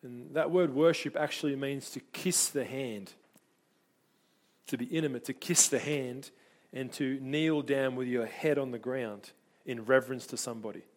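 A man's voice: medium pitch, steady tone, normal speed. A man preaching a sermon to his congregation, earnest and conversational, often repeating words as he restarts. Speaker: pastor.

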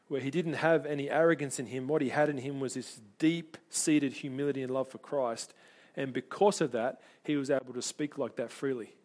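A man's voice: medium pitch, a little mellow. A man preaching a sermon to his congregation, earnest and conversational, often repeating words as he restarts. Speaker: pastor.

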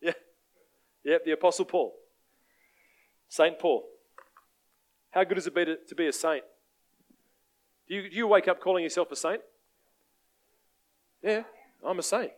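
An Australian preacher man with a fairly high-pitched voice. He tells stories in a loose, conversational way and keeps checking in with the congregation. He sounds lively and animated throughout. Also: measured pace, long pauses. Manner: animated, conversational, asks the crowd for amens. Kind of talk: sermon with storytelling.

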